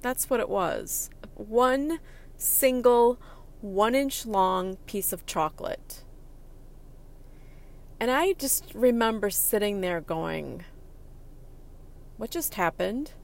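A middle-aged woman telling a personal anecdote in an animated, chatty way, with fillers and restarts. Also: medium pitch, slow pace, gravelly.

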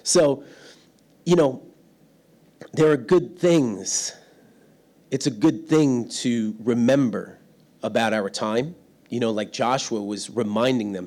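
A man's voice: mid-range voice, slow pace, pauses often, a little mellow. A middle-aged man preaching a sermon in a church hall, telling stories about himself and laughing often. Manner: storytelling, self-deprecating, laughs often. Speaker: pastor. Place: church hall without windows.

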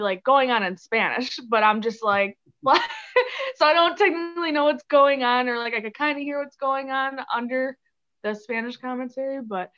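A woman's voice: a little high, fairly bright tone, muffled recording. A woman from the Chicago area, chatting casually as a podcast guest, with lots of fillers and giggles. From Chicago area, USA. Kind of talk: casual interview chat.

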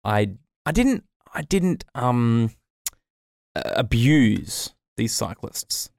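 A man co-hosting a podcast, ranting and swearing as he tells his story. His voice sits at a middle pitch. The sound is dry and close, with no room in it. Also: big pitch swings, very slow, gravelly, darkish tone, dry recording. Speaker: podcast co-host. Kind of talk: casual chat.

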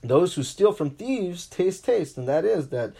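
A man teaching a Talmud class, reading each line and paraphrasing it in English, animated, with frequent restarts. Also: measured pace, vocal fry, husky. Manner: animated, pitch jumps for emphasis.

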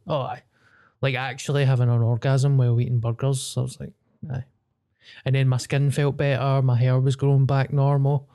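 A Scottish man telling stories frankly in a relaxed podcast chat, with a warm, mellow voice. He swears casually as he talks. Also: medium pitch, a little fast. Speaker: podcast co-host.

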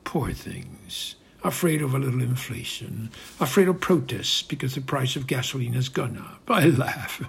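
A man voicing a boastful, ruthless male strongman leader in a satirical monologue, scornful and slipping into rasping whispers. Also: medium pitch, fairly bright tone, exaggerated voice. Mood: contemptuous. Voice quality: gravelly, very husky.

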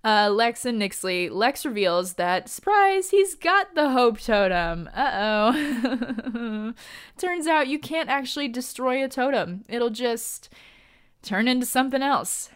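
A woman giving a casual fan recap of a TV episode, excited and gushing, with lots of fillers and laughter. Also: fairly high pitch, takes it slowly, smooth.

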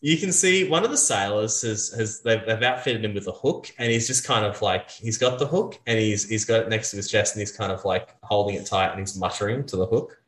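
A man's voice: on the low side, fairly quick, hardly any pauses, fairly bright tone, echoey room. A man narrating as game master of a tabletop role-playing game, with many fillers and restarts.

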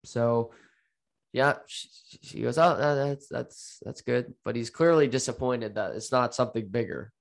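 A man's voice: medium pitch, measured pace, vocal fry. A man co-hosting a casual podcast, retelling a TV episode in an easygoing storytelling way. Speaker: podcast co-host. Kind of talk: casual chat recapping a TV episode.

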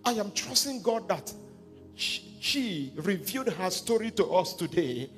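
Nigerian male pastor, sermon, animated delivery, slightly high voice, soft music under. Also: unhurried. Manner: leads group reading, retells counselling story. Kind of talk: sermon with congregational scripture reading.

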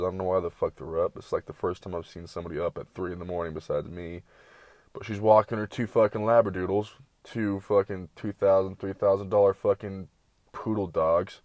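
A young man with a deep, low voice tells a loose, profanity-laced story and drifts from tangent to tangent. His delivery is slangy and casual, like a late-night ramble. The recording is dry and close. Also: darkish tone, dry recording.

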